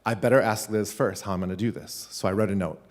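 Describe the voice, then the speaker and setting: A man, a teacher, telling a funny personal story live at a school event, animated and laughing between lines. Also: lowish voice, quick pace. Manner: animated, laughing, with many "like" fillers.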